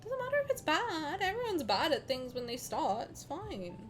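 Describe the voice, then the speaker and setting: A woman streaming and chatting casually with her chat, animated and swearing freely, dropping to low mutters and then rising to loud outbursts. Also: moderate pace, slight background noise. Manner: reads chat questions aloud and answers them.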